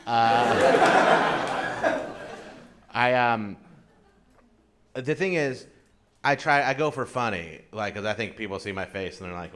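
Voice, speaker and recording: Slow, halting male stand-up comic. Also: mid-range voice, fairly bright tone. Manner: dry, halting delivery with many fillers. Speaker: stand-up comedian. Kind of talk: stand-up set. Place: comedy club stage. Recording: live club recording with crowd noise. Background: audience laughter.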